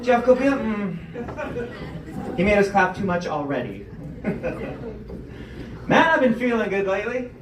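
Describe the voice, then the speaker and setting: A man's voice: high-pitched, big pitch swings, takes it slowly, pauses often, reverberant, recorded from a distance, background noise. A young man hosting a comedy show and doing stand-up, telling self-deprecating stories with acted-out quotes. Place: comedy club stage.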